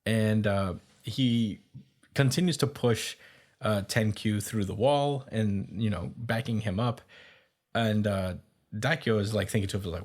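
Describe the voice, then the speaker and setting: Man, podcast host, low voice, casual recap, lots of uhs, chuckling. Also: a little mellow. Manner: halting, many fillers, chuckles.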